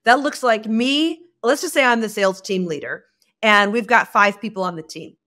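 A woman guest in a podcast conversation, speaking expressively and acting out bits of dialogue. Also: moderate pace. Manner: expressive, acts out dialogue with shifting pitch. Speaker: guest, communication expert.

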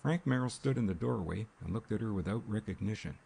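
A man reading an audiobook in a measured, even storytelling manner. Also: fairly low pitch, vocal fry, breathy edge. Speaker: audiobook narrator. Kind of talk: scripted narration.

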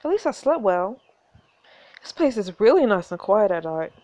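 A woman's voice: medium pitch, big pitch swings, normal speed, dark tone, no room sound, dull audio, close to an everyday voice. A woman voicing a sleepy young female doctor from a story game, in a casual, lightly acted reading. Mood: sleepy cheerful.

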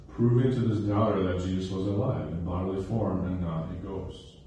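A man's voice: low voice, steady tone, moderate pace, dark tone, slight background noise. A male pastor giving a sermon, often checking in with listeners with "okay?" and "right?" and repeating phrases for emphasis. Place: recreation center used for church service. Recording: very echoey hall, heard from a distance.

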